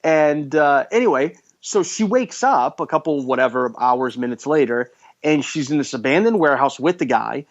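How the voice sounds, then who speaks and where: A man's voice: fairly high pitch, normal speed. A man hosting a podcast, retelling a horror movie plot in casual chat and acting out the characters' lines. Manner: animated storyteller acting out quoted lines. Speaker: podcast host. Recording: dull lo-fi podcast audio.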